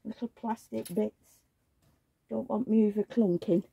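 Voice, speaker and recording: Husky, gravelly woman. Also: mid-range voice, unhurried, warm tone, no room sound, rough recording. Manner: homely, rambling, fond chatter. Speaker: doll collector vlogger. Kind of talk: casual chatty vlog, talking to dolls. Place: indoors at home.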